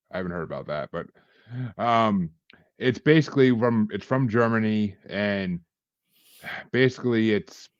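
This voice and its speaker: A man's voice: low-pitched, no room sound, dull audio. A man hosting a casual podcast, laughing often and restarting his sentences. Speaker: podcast host.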